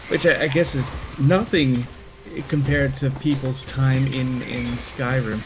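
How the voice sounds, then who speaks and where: A man chatting casually about games, halting with stammered restarts. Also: medium pitch, steady tone, noisy background. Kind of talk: casual gaming chat.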